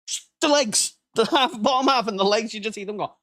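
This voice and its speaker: A British podcast host talks fairly quickly with a bright, forceful tone during his casual live show. Between jokes and laughter, he occasionally breaks into silly high-pitched quoted voices.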